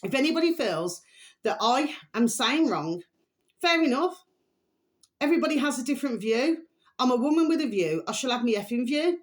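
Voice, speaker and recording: A woman's voice: sits high, expressive, normal speed. A middle-aged woman, rambling through a casual opinion monologue as a vlog host, chatty and emphatic, with repeated pet phrases. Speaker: vlogger host.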